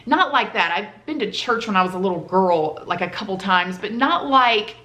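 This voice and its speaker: A woman's voice: mid-range voice, animated, normal speed, bright, forceful tone. Heartfelt woman telling a story in an echoey room. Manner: casual, heartfelt, conversational. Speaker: vlogger. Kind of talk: personal storytime vlog.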